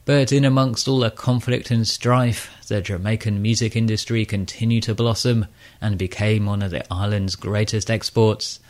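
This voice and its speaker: A man presenting a radio show, reading scripted narration in a measured, informative storytelling manner. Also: fairly low pitch.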